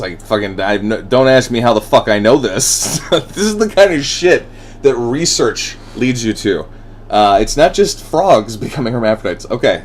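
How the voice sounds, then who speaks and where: A man giving a solo ranting monologue, blunt and profane, with wry laughs between thoughts. He swings between heated outbursts and quiet brooding. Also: mid-range voice. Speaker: podcast host.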